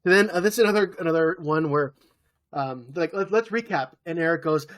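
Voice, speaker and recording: With a slightly high voice and a brisk pace, this thirtysomething podcast co-host casually recaps a TV episode. He performs the quoted lines while telling it.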